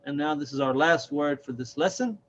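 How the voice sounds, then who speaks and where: A man's voice: on the high side, a little fast, a bit bright, dull audio, slight background noise. A man teaching a reading lesson step by step, patiently sounding out and repeating each syllable.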